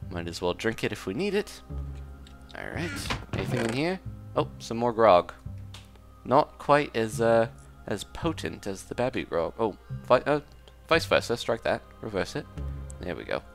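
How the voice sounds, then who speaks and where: A man's voice: medium pitch, big pitch swings, normal speed, soft background music. A man hosting a gaming video in character as a pompous detective, with a put-on English accent and a jokey manner. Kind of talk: in-character let's play commentary.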